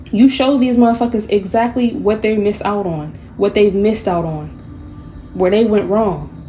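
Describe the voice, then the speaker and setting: A woman's voice: mid-range voice, dark tone, slight background noise, poor audio. A woman giving a casual tarot reading, blunt and profane, with sassy, mocking asides. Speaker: tarot reader.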